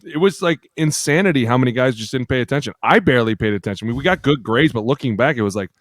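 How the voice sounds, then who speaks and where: A man of middle pitch talks in a loose, profane way on a podcast and tosses in laughing asides. The sound is close and dry, with no room around it. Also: expressive, fast, dry recording. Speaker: podcast co-host, former NFL lineman. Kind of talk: casual chat.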